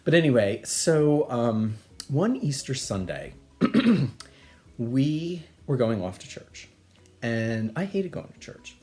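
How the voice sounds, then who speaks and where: Chatty man with a lively voice. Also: mid-range voice. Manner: animated, chatty, digressive. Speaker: storyteller, host. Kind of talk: casual personal storytelling.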